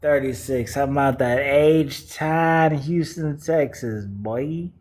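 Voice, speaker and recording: A man's voice: medium pitch, a little fast, darkish tone, close to an everyday voice. A man calling in, doing an exaggerated fake Southern drawl. He trolls with a smug, taunting edge. A faint hiss sits under his call audio. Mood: mocking. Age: 30s. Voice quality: fake Southern accent, mocking. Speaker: caller.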